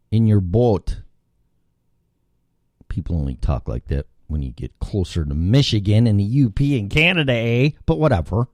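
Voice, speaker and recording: A man's voice: fairly low pitch, a little mellow, dry recording, studio quality. A man hosting a live talk show, rambling sarcastically and swearing freely. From Midwest. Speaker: host.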